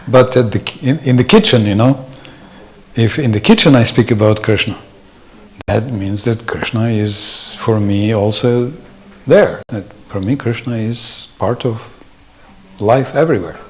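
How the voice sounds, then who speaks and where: A man's voice: mid-range voice, measured pace. A man giving an informal, anecdotal devotional talk at a temple, chuckling often as he speaks. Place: temple hall.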